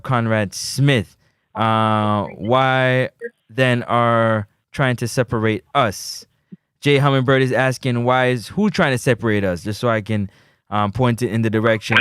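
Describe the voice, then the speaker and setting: A man hosting a live sports talk show, reading out viewer comments and giving shout-outs. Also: medium pitch, clear, resonant tone, no echo, studio quality. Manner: reads chat messages aloud, gives shout-outs. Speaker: host.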